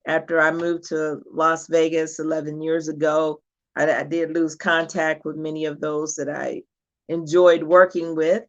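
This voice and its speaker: A woman's voice: low-pitched, flat delivery, unhurried. A woman guest talking in an effusive, grateful way during a casual chat. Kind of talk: casual video-call chat. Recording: muffled lo-fi call audio.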